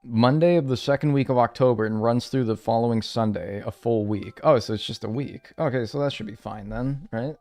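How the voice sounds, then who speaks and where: A man's voice: mid-range voice, a little fast, hardly any pauses, darkish tone, no room sound, soft background music. A man chatting casually on a live stream, rambling and joking at his own expense. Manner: rambling, joking, self-mocking.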